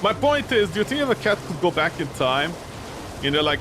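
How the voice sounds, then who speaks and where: A man's voice: sits high, very animated, brisk, noisy background. A young man streaming a video game, chatting casually and rambling through silly jokes and tangents. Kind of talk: casual gameplay commentary. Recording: loud game sound behind.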